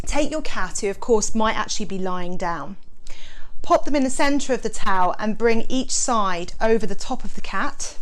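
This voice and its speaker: A woman, a veterinary expert explaining cat handling in a friendly, practical way. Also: on the high side. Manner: friendly, practical, reassuring advice. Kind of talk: instructional explaining.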